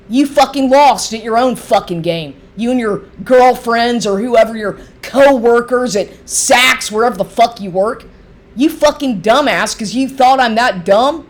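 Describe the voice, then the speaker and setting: High-voiced woman in a profane rant. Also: measured pace. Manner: profane, heated and sarcastic. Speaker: vlogger. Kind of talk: angry ranting monologue.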